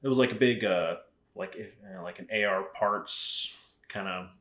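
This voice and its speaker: A man's voice: deep voice, moderate pace, fairly bright tone. A middle-aged man from Arizona who founded a rifle company, chatting casually as a podcast guest and telling rambling stories full of fillers and swearing. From Arizona, USA. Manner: profane, rambling storyteller with frequent fillers. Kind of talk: casual chat. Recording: roomy echo.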